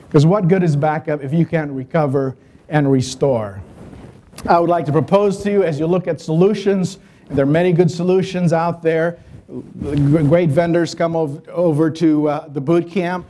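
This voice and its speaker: A man speaks at a business conference, his voice set slightly high yet warm and mellow. He keeps it conversational and energetic, telling customer stories with asides to the audience. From United States. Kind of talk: business presentation.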